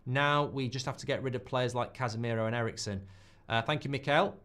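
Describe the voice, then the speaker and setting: Bloke doing a live footy watchalong, bright sharp voice, gets loud and sweary. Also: male voice, medium pitch, brisk. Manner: excitable, swears, shouts at goals. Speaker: watchalong host. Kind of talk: live football watchalong commentary.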